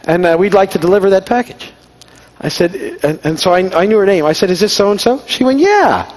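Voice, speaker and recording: A man's voice: high-pitched, a little fast, darkish tone. A middle-aged man giving an informal sermon, telling personal stories and acting out the dialogue in a conversational, self-deprecating way. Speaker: pastor.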